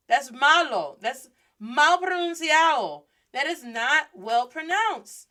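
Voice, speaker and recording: A lively woman with a fairly high voice hosts a language podcast. She runs a playful lesson and slips Spanish words into her English explanations. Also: takes it slowly. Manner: animated, mixes Spanish phrases into English. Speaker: podcast host and Spanish teacher.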